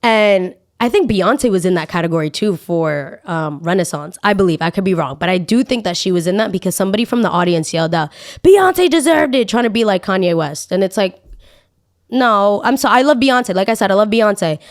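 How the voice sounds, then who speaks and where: A young woman hosting a solo podcast, giving her opinions in an animated rant that leaps up high whenever she gets outraged. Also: fairly quick. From Latina. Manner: animated ranting, jumps up high when outraged. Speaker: podcast host.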